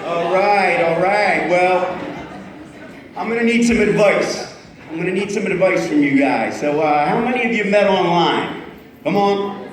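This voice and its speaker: A man in his fifties does stand-up on a club stage, chatting with the crowd and making fun of himself. His high-pitched voice moves at a measured pace, sounding off-mic in the echoey club room.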